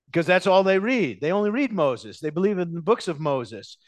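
A man's voice: sits high, no echo. Emphatic male preacher, dry close sound. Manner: animated, emphatic preaching with sudden loud stresses and drawn-out words. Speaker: pastor. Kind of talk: expository sermon.

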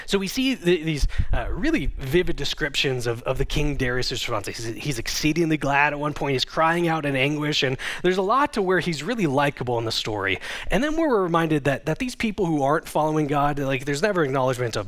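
A man's voice: fairly high pitch, very animated, brisk, a bit bright. A man, a pastor, gives a conversational sermon, retelling a scripture story and reading it aloud. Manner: conversational storytelling with dramatic quoted voices.

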